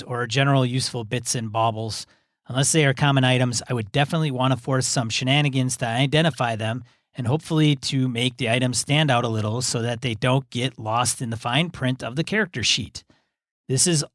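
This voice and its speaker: Reading out a listener email in casual conversation, this male podcast co-host sounds relaxed, working through it in measured chunks with chatty asides. His medium-pitched voice is a bit bright, captured in a dry, close recording.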